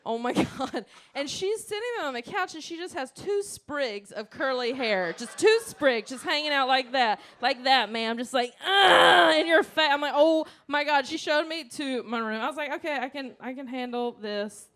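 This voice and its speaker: Animated Southern woman comic on stage. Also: sits high, moderate pace, hardly any pauses. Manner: animated storytelling with loud acted-out outbursts. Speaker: stand-up comedian. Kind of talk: stand-up comedy set. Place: comedy stage before a live audience.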